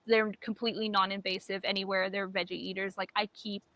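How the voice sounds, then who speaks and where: A woman co-hosting a podcast, telling animated stories in casual chat and swearing often. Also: medium pitch, a little fast, no echo. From Canada. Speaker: podcast co-host.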